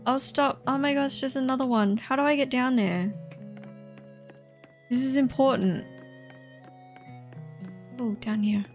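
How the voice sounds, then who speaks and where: A woman's voice: sits high, measured pace, long pauses, soft background music. A woman giving casual let's play commentary as she explores a game, chatty and hesitant with many fillers, breaking into squeals of delight at cute animals.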